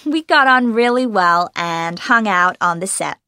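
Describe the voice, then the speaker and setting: A woman's voice: mid-range voice, animated, measured pace, pushed and bright, clean tone, no room sound, studio quality. A young American woman from Los Angeles, an actress answering interview questions in a bubbly way and laughing often. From Los Angeles, USA.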